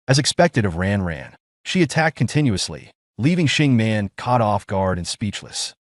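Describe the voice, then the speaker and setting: A man's voice: medium pitch, very animated, moderate pace, no echo, clean studio sound. A man narrating a first-person revenge story in a smug, scripted reading.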